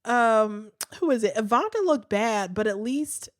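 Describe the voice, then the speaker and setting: A woman's voice: fairly high pitch, expressive, a little slow, dry recording, clean studio sound. A woman hosting a podcast, talking in a chatty, candid way with many fillers, sighs and restarts. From United States. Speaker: podcast host. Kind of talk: casual podcast commentary.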